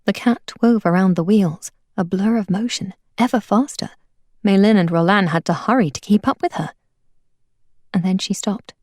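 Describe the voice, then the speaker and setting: A woman reads an audiobook with expressive, storytelling flair. Her voice sits in the mid range and moves at a normal speed, recorded cleanly in a studio with no room sound.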